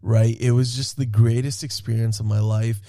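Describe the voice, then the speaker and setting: A man excitedly telling a story in a casual podcast chat, swearing often and laughing as he talks. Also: medium pitch, moderate pace, vocal fry, no room sound, clean studio sound. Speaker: podcast co-host.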